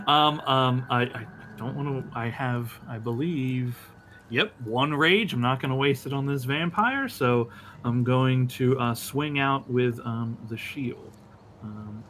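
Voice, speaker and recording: A man's voice: medium pitch, a bit bright, a little hiss or hum. A man playing a tabletop game, talking casually with many hesitations and laughs. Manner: hesitant, full of ums and laughing. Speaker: player.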